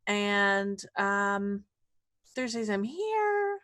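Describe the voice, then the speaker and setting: A woman's voice: mid-range voice, big pitch swings, very slow, a bit bright, no echo. A woman talking casually as a tabletop game player, hesitating often with "um.". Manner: hesitant, with many "um" fillers. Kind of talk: casual chat.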